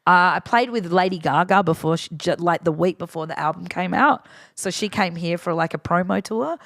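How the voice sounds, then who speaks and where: A woman's voice: lowish voice, a little fast, creaky, fairly bright tone, no echo, studio quality. Frank, swearing woman in her fifties. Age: 50s. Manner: frank, swears freely, acts out quoted voices. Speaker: DJ guest. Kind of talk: casual interview chat.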